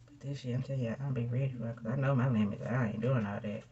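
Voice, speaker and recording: A woman's voice: very deep voice, very fast, muffled recording, slight background noise. A young woman, chatting animatedly to viewers while doing her makeup. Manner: animated, chatty, addresses viewers as y'all and girl. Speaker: beauty vlogger. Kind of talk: casual storytelling makeup tutorial.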